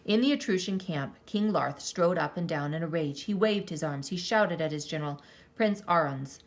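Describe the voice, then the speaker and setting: Female storyteller, lowish, expressive read-aloud. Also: moderate pace. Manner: expressive, lingering on counts and sound words. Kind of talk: reading a children's story aloud.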